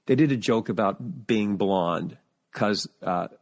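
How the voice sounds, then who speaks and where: A man as a podcast guest, telling animated family anecdotes in casual chat and often restarting sentences as he searches for words. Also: fairly low pitch, slow pace.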